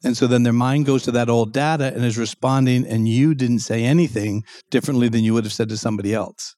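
A man's voice: mid-range voice, fairly even intonation, quick pace, warm tone, no echo, clean studio sound. A man, a guest expert in an interview, explaining at length and acting out quoted speech in a raised voice.

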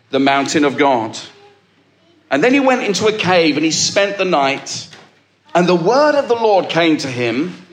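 A man's voice: sits high, fairly bright tone, reverberant. A male pastor preaching a sermon to a congregation, emphatic and calling out to the listeners. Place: church with a live congregation.

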